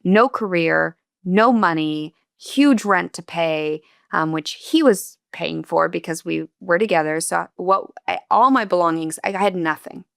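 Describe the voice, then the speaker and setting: A woman's voice: on the low side, unhurried, gravelly, few pauses, fairly bright tone, no room sound, studio quality. A woman guest on an interview podcast, earnestly and candidly telling a personal story in a reflective, emotional way.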